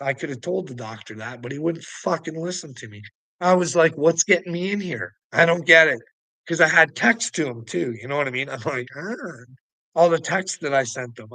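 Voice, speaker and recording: A man rants straight at his listeners, jeering and swearing and laughing at them. His voice sits a little high with a sharp, tense edge. The sound is dry, with no room around it. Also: no room sound, poor audio. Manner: taunting, profane, breaks into mocking laughs. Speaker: vlogger. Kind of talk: angry rambling rant to the camera.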